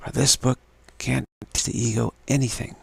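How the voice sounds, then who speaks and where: A man giving a slow, halting spiritual talk with many fillers and repeated words, recorded live. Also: medium pitch, little pitch movement, vocal fry, breathy edge, no room sound. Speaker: spiritual teacher.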